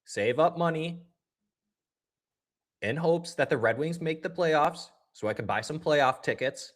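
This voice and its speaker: A man's voice: a little high, measured pace. A man hosting a livestream, giving casual play-by-play reactions and talking straight to his chat viewers in a chatty, upbeat way. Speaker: livestream host. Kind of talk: casual live game watch-along commentary.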